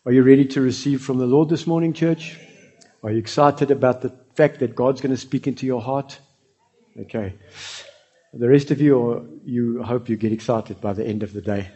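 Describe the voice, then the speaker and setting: A South African pastor preaching a lively sermon to his church, now and then dropping into Afrikaans. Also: medium pitch, normal speed, lo-fi sound. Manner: animated, switching into Afrikaans.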